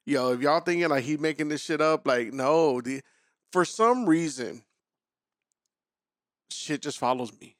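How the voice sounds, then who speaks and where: A man hosting a podcast, telling a long story with frequent laughter in a loose, animated way. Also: on the high side, unhurried, pauses often, no room sound, studio quality. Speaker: podcast host. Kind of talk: casual storytelling chat.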